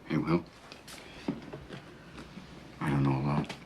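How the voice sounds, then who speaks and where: An actor playing a gentle older male therapist who softly and insistently repeats himself to a young man, in a film clip. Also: rumbling low, fairly even intonation, slow pace. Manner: soft, insistent repetition. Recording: film clip with background noise.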